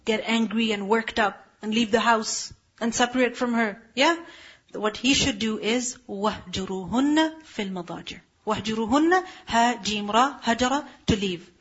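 A woman gives a religious lecture, explaining point by point and asking rhetorical questions. Her voice sits fairly high and sounds husky. The recording is dull and lo-fi. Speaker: religious teacher.

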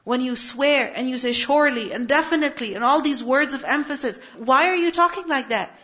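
A woman's voice: sits high, brisk, fairly bright tone, muffled recording. Woman teaching Quran with rhetorical questions. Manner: explains Arabic words step by step with rhetorical questions. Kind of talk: religious lesson on Quranic verses.

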